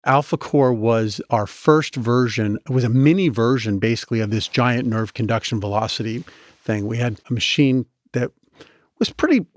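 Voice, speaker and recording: A man being interviewed on a podcast, telling stories in an animated, chatty way with many restarts. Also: mid-range voice, normal speed, no room sound, studio quality. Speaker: guest, medical device inventor.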